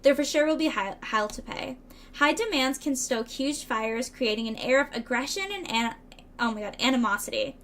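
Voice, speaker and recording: A woman's voice: high voice, normal speed, a bit bright, a little hiss or hum. A woman streaming a tarot reading, reading card meanings aloud and chatting playfully with her viewers, often tripping over words and laughing at herself. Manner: chatty, playful, reads card texts aloud and riffs with chat.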